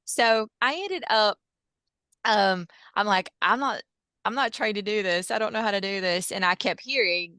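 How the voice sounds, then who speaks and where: Bright, smooth-voiced woman storyteller. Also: medium pitch, moderate pace, dry recording. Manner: lively, filler-heavy retelling with quoted dialogue. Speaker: hypnosis practitioner guest. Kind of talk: animated storytelling in casual chat.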